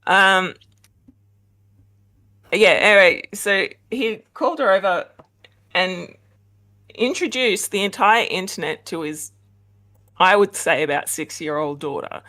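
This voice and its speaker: A woman's voice: mid-range voice, expressive, measured pace, pauses often, sharp tone. An Australian woman chatting casually on a video call from her home near the kitchen, rambling with lots of fillers and laughs. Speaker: guest. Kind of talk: casual chat.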